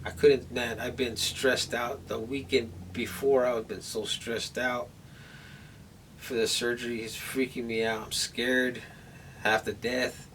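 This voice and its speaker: A man's voice: medium pitch, level tone, slow, fairly bright tone. A man vlogging at home after surgery, telling a rambling story to the camera with many restarts, sore and in pain. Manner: rambling, nervous retelling with restarts. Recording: distant camera mic, faint room noise.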